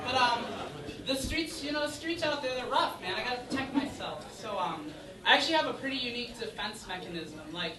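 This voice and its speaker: A man's voice: extremely high pitch, lively intonation, fairly quick. A young man doing a stand-up set in a bar, rambling with lots of filler words. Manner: rambling, filler-heavy delivery. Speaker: stand-up comedian. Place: bar comedy stage. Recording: echoey bar, distant mic, crowd.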